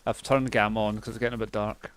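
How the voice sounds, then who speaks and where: A man's voice: fairly low pitch, level tone, quick pace, smooth. A Scottish man live streaming a game, chatting casually and swearing freely as he thanks viewers. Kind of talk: casual gameplay chat.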